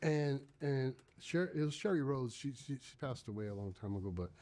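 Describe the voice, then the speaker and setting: A man's voice: medium pitch, normal speed. A man in his thirties casually telling a long story, acting out the other people's voices. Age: 30s. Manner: animated, acts out voices in quotes.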